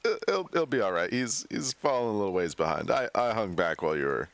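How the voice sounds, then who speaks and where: A man voicing a calm male companion in a tabletop adventure, speaking low and reassuring. The pitch drops well below his usual voice but moves in lively swoops, with faint background noise. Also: fast talker.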